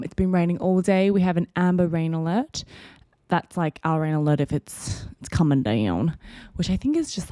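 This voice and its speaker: Brief: twenties woman, rambling podcast host, lowish voice, playful tone jumps. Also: mellow, no echo, studio quality. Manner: chatty, rambling, playful sudden pitch jumps. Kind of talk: casual solo podcast chat.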